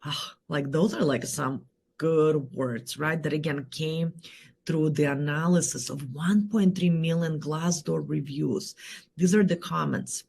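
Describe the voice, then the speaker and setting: A woman hosting a solo leadership talk, energetic and rhetorical, often tagging her points with a quick question. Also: deep voice, creaky, a little hiss or hum. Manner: energetic, rhetorical, keeps asking "right?". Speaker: host and leadership coach.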